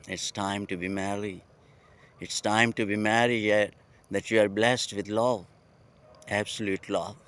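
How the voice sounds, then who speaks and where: A man with a Pakistani English accent talks in a slow, unhurried way, lingering on each phrase. His lowish voice sounds smooth and clear as he muses aloud in a poetic, heartfelt monologue outdoors at night. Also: level tone, a bit bright. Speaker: vlogger.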